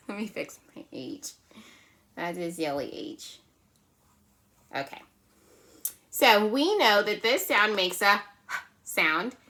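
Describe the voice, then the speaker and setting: A woman teaching a phonics lesson to young children, patient and slow, checking in often with "right?" and "okay?". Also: mid-range voice, pushed and bright. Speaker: kindergarten teacher.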